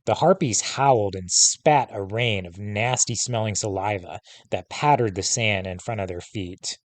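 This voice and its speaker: A man, a teacher, reading a novel aloud in steady, measured narration. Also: fairly low pitch, no echo. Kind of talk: storybook narration.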